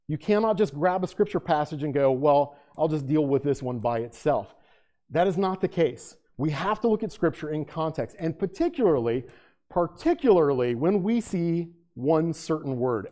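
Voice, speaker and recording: A male pastor teaching a Bible study to a live room in a conversational sermon style. His voice sits fairly high yet sounds warm and mellow. He jokes with the room, then turns hushed and earnest in prayer. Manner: joking, animated teaching with asides to the room.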